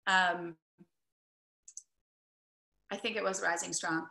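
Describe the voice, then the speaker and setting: A woman's voice: lowish voice, fairly even intonation, takes it slowly, gravelly, pushed and bright. A woman coaching in a casual, upbeat talk, full of "like" and "right?". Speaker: wellness coach. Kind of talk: casual teaching talk to camera. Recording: echoey room.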